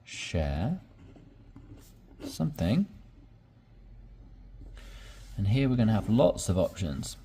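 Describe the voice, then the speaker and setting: A man's voice: fairly low pitch, big pitch swings, unhurried, mellow, slight background noise. A man teaching English conversation, explaining sentence structure step by step and often checking in with "right?".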